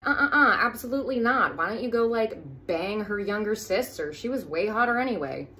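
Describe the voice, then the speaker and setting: A woman's voice: mid-range voice, lively intonation, fairly quick, pushed and bright, slight background noise. Woman doing a blunt, scolding dad. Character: exasperated strict father of a grown son.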